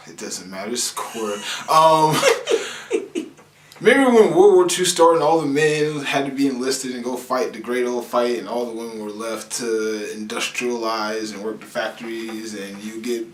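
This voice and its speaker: A man's voice: mid-range voice, normal speed, few pauses, reverberant, slight background noise. A young man co-hosting a casual show, joking around and hesitating with fillers as he looks for words. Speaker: podcast co-host. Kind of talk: casual chat.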